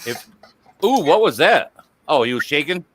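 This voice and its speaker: A man's voice: a little high, sing-song, moderate pace, a bit bright. A man hosting a casual live-stream chat, joking crudely and swearing freely. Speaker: host.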